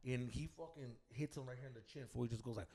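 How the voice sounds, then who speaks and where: A man on a podcast, telling a fight story in casual, profane talk, mixing in Spanish slang and loudly acting out the people in it. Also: mid-range voice, fast, gravelly, breathy edge. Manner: animated, profane, mixes Spanish slang, acts out voices loudly. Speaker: podcast co-host. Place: green room of a comedy club.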